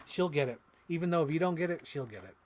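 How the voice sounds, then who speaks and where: A man's voice: on the high side, fast, slight background noise. Chatty man unboxing toys on stream. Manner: rambling, excitable, heavy use of "like". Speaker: toy collector streamer. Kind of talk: casual live stream chat while unboxing.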